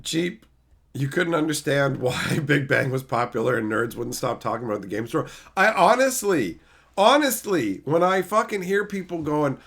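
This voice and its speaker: A man's voice: on the high side, expressive, moderate pace, fairly bright tone. A man streaming casually, reading chat aloud and ranting with a lot of profanity.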